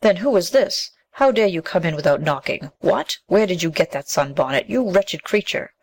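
A woman's voice: fairly low pitch, lively intonation, moderate pace. A woman voicing a cruel, middle-aged stepmother who speaks harshly and scolds in a storybook reading. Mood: scolding.

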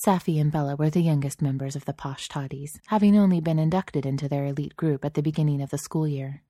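A woman narrates a story in a low, mellow voice with a dry, even delivery. The recording is close and free of room echo. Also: fast. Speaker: audiobook narrator. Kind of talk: scripted narration.

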